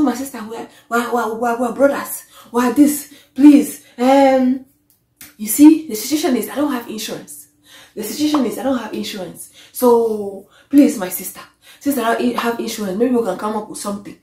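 A woman's voice: mid-range voice, dark tone, pitched below the performer's own voice, natural voice. A woman putting on a pleading man. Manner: pleading, repeating himself. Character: panicking uninsured man pleading after a fender-bender. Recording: echoey room.

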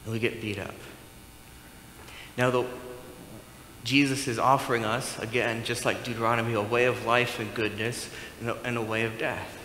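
A man's voice: mid-range voice, flat delivery, moderate pace, pushed and bright, roomy sound, long reverb tail, slight background noise, poor audio. A man preaching a sermon as pastor, talking conversationally and asking the congregation questions. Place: church sanctuary.

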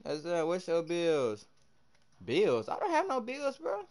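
A young man streaming live, excitably commenting on his game, shouting at teammates and chatting with viewers in heavy slang. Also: sits high, measured pace. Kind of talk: live gameplay commentary and chat reading.

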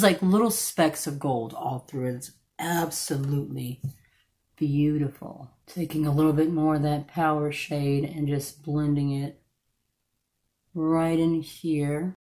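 A woman with a slightly croaky voice from allergies, chatting casually through a makeup tutorial and stopping now and then to correct herself. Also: deep voice, fairly even intonation, takes it slowly, dark tone. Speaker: beauty vlogger.

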